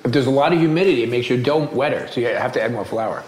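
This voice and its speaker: A man with a New York accent co-hosting a podcast, telling food stories with enthusiasm and quick restarts. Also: medium pitch, lively intonation, a little hiss or hum. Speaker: podcast co-host. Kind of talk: casual chat.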